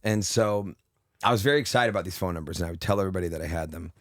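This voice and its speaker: Brief: male comic guest, low voice, dry close sound, loose rambling storyteller, slightly hoarse. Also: very fast, fairly bright tone, no echo. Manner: rambling anecdotes full of fillers and restarts. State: losing his voice. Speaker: comedian guest. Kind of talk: casual storytelling interview.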